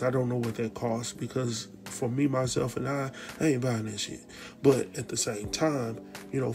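A man casually recapping a TV drama episode, animated and slangy, speaking straight to his viewers. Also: mid-range voice, gravelly. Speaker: TV recap host.

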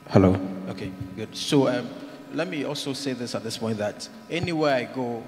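A man's voice: mid-range voice, animated, normal speed, darkish tone. A man speaking to students as an alumnus, emphatic and building to his point. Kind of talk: address to students. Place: large hall at a school event. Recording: reverberant hall.

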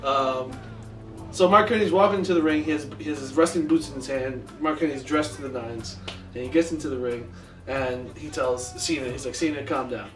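A man co-hosting a casual podcast, retelling events with animated acted-out quotes. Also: medium pitch, a little fast, echoey room, far from the mic, music in the background. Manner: animated storyteller, acts out quotes. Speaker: podcast co-host. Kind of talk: casual recap chat.

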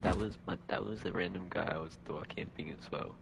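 A man's voice: low voice, brisk, gravelly, noisy background. An Australian man teasing and trolling another player over in-game voice chat. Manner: trolling, joking.

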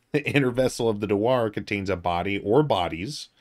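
Low-voiced man reading with jokey asides. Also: lively intonation, normal speed. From United States. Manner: reads aloud with joking asides and filler words. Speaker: podcast host. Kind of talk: casual podcast chat, reading an article aloud.

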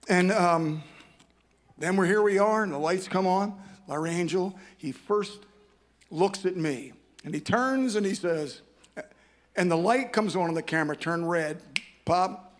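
A man's voice: high-pitched, measured pace. An older man speaking at a conference, telling a personal story as a sermon, rambling and self-deprecating with many restarts.

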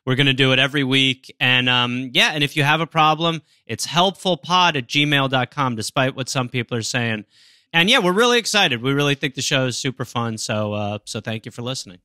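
A man co-hosting a comedy advice podcast, tossing out quick deadpan quips. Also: medium pitch, smooth, dry recording, clean studio sound. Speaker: podcast co-host. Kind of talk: casual comedic chat.

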